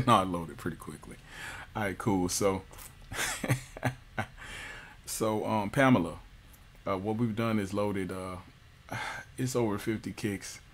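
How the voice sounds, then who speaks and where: A man giving a casual music software tutorial, loose and jokey, with slang and lots of fillers. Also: on the low side, a little hiss or hum. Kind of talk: casual screen-recorded tutorial.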